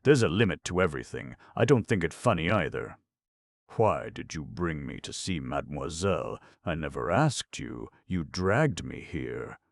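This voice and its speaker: A man's voice: a bass voice, sing-song, normal speed, vocal fry, no room sound, studio quality, heavily acted. A man voicing an embarrassed, exasperated young man who grumbles back defiantly. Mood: sulky. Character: sulky, exasperated young nephew.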